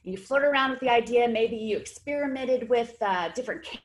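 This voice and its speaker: A woman's voice: fairly high pitch, a little fast. A woman hosting a webinar for fitness trainers, with an upbeat, encouraging, conversational manner. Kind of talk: webinar presentation.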